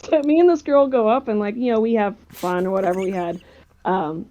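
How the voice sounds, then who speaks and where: A woman's voice: mid-range voice, brisk, mellow. A woman on a casual podcast, telling a funny story with a lot of laughter, acted-out quotes and swearing. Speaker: podcast co-host. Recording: dull lo-fi sound.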